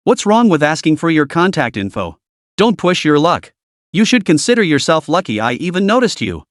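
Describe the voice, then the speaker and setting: Guy reading as a loud rude rich middle-aged man, bossy, pitch jumping up. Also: very animated, normal speed, no echo, clean studio sound.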